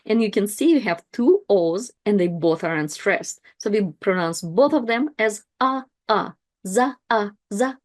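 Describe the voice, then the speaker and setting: A woman teaching pronunciation, saying each word slowly and then repeating it. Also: medium pitch. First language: Russian. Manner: repeats each word twice, slow and deliberate. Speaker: language teacher. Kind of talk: slow, clear pronunciation lesson.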